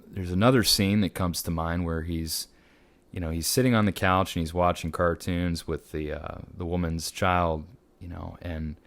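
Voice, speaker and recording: A man's voice: low voice, a bit bright, dry recording. A man hosting a film review, talking casually and rambling with many fillers and restarts.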